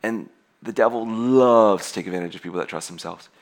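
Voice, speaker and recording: A young adult man preaching a sermon to his congregation in an animated way, laughing often and restarting his sentences. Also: on the low side, brisk. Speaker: pastor.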